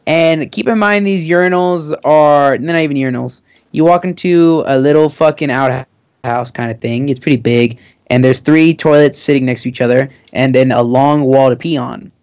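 A man's voice: mid-range voice, moderate pace, a little mellow. A young man bluntly telling a story among friends, swearing often.

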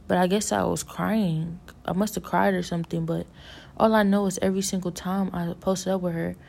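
A woman with a somewhat low, gravelly voice recounts a vision in a loose, rambling way. She circles back often, restarting thoughts and leaning on fillers while she muses earnestly about faith. Her tone is mellow, with a faint hiss under the recording. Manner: earnest religious musing. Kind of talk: casual storytelling of a vision.

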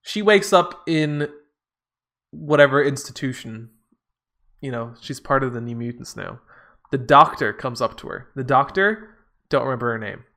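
A man's voice: medium pitch, lively intonation, normal speed, vocal fry, pauses often, sharp tone. A man in casual chat, recapping a movie with sarcastic, profane jokes and frequent laughs. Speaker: podcast co-host.

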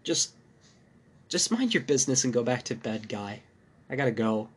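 A man voicing a nervous, defensive male lover, a little higher than his own voice. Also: animated, moderate pace, breathy edge. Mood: brusque.

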